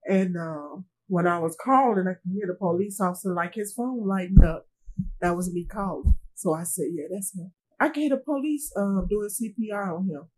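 A middle-aged woman, a grieving mother, speaking in an interview in a halting way, often repeating herself and trailing off. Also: medium pitch, darkish tone, poor audio. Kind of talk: emotional interview testimony.

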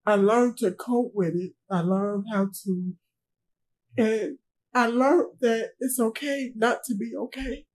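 A middle-aged woman, a grieving mother, speaking in an interview in a halting way, often repeating herself and trailing off. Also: on the high side, darkish tone, low-quality recording. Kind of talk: emotional interview testimony.

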